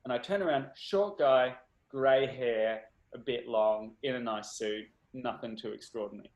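An Australian man telling an animated, camp anecdote in a casual chat. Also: mid-range voice, normal speed. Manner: camp, animated storyteller, acts out voices. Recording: echoey room.

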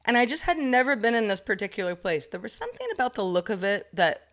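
Woman co-host, casual chat, lively swooping pitch, acts out quotes. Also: fast talker. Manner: animated storyteller, acts out quotes. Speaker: podcast co-host.

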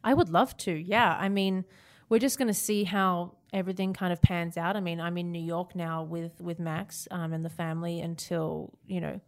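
A young Australian woman talking as an interview guest, chatty and quick to laugh, with lots of fillers and restarts. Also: lowish voice, fairly even intonation. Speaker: guest, reality-show dancer. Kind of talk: casual interview chat.

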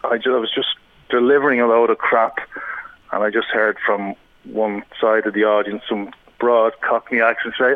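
An Irish comedian telling rambling, self-deprecating gig stories in casual chat. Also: male voice, fairly low pitch, steady tone, moderate pace, dry recording. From Ireland. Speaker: stand-up comedian guest. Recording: tinny phone-like line.

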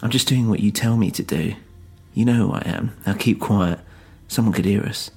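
Curt hushed stranger in the dark, a gravelly guy doing the voice in a spooky story. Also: on the low side, moderate pace, faint music behind. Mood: urgent.

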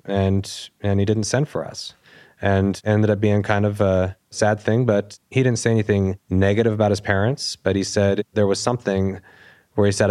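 A man, a police officer guest, telling an anecdote with animated delivery and acted-out dialogue. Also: fairly low pitch. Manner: animated, acts out quoted dialogue. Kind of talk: storytelling anecdote.

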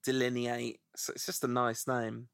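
A man's voice: medium pitch, monotone, normal speed, creaky, a bit bright, clean tone, no echo, clean studio sound. A man hosting a podcast in casual chat, playfully savoring the sound of names as he reads out suggestions. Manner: playful, relishes saying names aloud. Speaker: podcast host.

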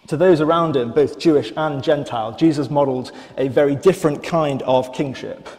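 A man's voice: mid-range voice, a little mellow. Thoughtful male preacher in a reverberant church. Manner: thoughtful, measured, with fillers and restarts. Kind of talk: sermon.

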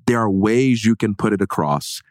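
A man with a lowish voice tells stories animatedly, tossing in playful examples. His delivery is warm and conversational. The sound is dry and close. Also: animated, normal speed, no room sound. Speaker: podcast guest. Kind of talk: casual podcast discussion.

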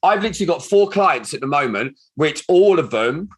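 A man's voice: a little high, fairly quick, husky. A man hosting a podcast, chatting casually and acting out the people in his stories. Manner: animated storyteller, acts out quoted dialogue. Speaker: podcast host.

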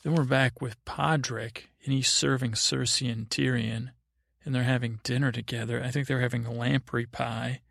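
A man hosting a sleep podcast, giving a meandering, low-key recap of a show. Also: fairly even intonation, normal speed, vocal fry, a bit bright, dry recording, clean studio sound. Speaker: podcast host. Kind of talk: drowsy rambling recap for sleep.

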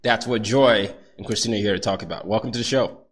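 A young adult man hosting a podcast interview, animated, laughing easily, with frequent fillers. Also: on the low side, fast talker. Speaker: podcast host.

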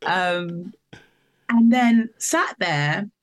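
Speaking very slowly in a lowish, expressive voice, a countryside woman from England shares a story. She's a musician appearing as a guest in a relaxed interview, laughing and rambling as she talks.

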